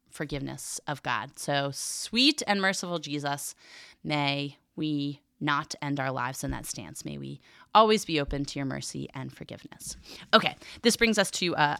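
Female theology teacher and podcast host, earnest and explanatory, voice low with some vocal fry. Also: a bit bright, no echo, clean studio sound. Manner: earnest teaching with frequent fillers and restarts. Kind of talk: reading and explaining a catechism.

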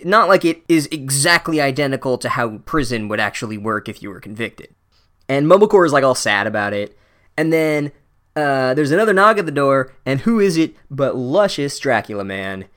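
A man's voice: medium pitch, expressive, moderate pace, fairly bright tone. A man tears through a book chapter in a comedic recap. He is sarcastic and profane, and he rambles with constant "like"s as he mocks the story's logic.

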